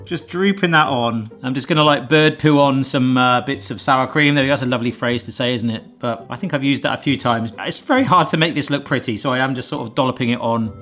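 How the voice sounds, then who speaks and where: A middle-aged man from Bristol, England, with a mild Bristolian accent, hosts a cooking vlog, chatting and joking as he cooks and tastes in a home kitchen. His medium-pitched voice is a bit bright, quick with few pauses, and faint music plays behind him.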